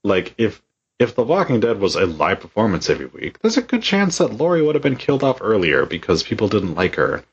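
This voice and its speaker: Casting: low husky-voiced male podcast co-host, blunt and profane, slightly dull lo-fi sound. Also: huge pitch swings, brisk. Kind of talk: casual podcast chat.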